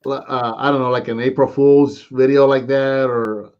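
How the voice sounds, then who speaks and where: A man's voice: medium pitch, little pitch movement, normal speed, clear, resonant tone, muffled recording. An American man chatting casually on a live stream about toy collecting, rambling and saying "man" a lot. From United States. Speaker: co-host.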